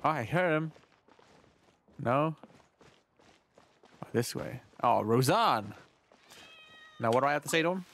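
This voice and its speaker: A man streaming a game live, chatting casually as he plays, rambling, swearing freely and often clearing his throat. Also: on the high side, moderate pace, pauses often, a bit bright. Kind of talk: casual live gameplay commentary.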